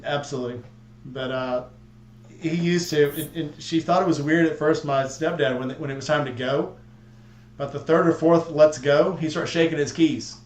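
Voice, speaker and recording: A man's voice: fairly high pitch, steady tone, normal speed. A man from southeast Texas chatting casually and telling rambling, joking stories to friends. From southeast Texas near the Louisiana border. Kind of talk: casual chat. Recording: echoey room, faint hum.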